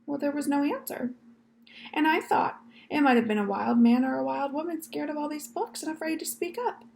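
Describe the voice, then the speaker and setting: A woman's voice: sits high, fairly quick, creaky, a little mellow, a little hiss or hum, voice pushed up. A woman voicing an elderly, genteel librarian who tells stories with many polite "yes, ma'am"s. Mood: storytelling. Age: older. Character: elderly Southern lady librarian, gentle, storytelling.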